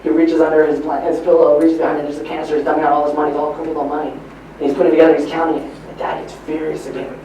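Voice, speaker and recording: A man giving a live motivational talk, telling stories in an animated, preachy way at a training event in a large hall. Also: on the high side, rapid-fire, muffled recording, slight background noise. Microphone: far from the recording mic. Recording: echoey hall from far off.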